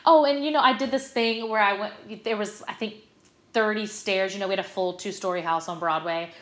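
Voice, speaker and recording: A middle-aged woman talks through backstage stories in an easygoing interview, bubbly and animated with lots of little fillers. Her voice sits at an ordinary pitch for a woman, and the room around her rings with echo. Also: fairly quick. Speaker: guest, stage actress. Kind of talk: casual interview chat.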